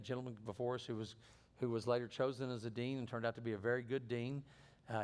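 Earnest middle-aged preacher, medium voice. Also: male voice, mid-range voice. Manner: earnest, repeats and restarts phrases. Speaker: pastor. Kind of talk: sermon.

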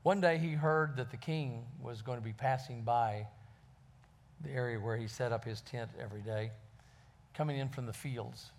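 A man's voice: medium pitch, normal speed. A man preaching a sermon and telling a story in a folksy way, with fillers.

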